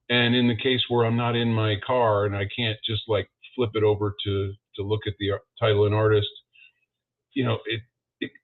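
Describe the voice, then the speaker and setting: A man, a licensed practitioner, giving a conversational spiritual talk with frequent fillers, now and then acting out his own thoughts in a higher voice. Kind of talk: sermon talk. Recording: tinny phone-like audio.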